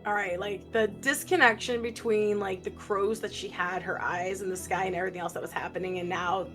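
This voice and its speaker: Brief: mid-pitched female player, loose and chatty, soft background music. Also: fairly even intonation, a little fast. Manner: chatty, many fillers. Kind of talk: casual tabletop play.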